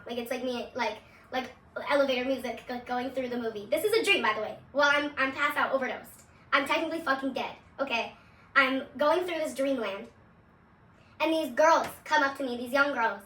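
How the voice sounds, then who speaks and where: A young woman from Seattle recounts her life story in a candid, loose way, swearing freely and laughing often. Her voice is high and bright. It rings in an echoey room, a little back from the microphone. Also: far from the mic. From Seattle, USA. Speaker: vlogger. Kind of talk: personal testimony storytelling. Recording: echoey room, voice away from the mic.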